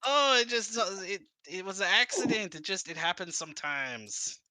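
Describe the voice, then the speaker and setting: A man voicing a jittery male kobold sorcerer in a tabletop game, shouting and fussing with false apologies. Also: sits high, sing-song, moderate pace, no room sound, pitched above the performer's own voice, heavily acted. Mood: fake cheerful. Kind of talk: tabletop role-play voice acting.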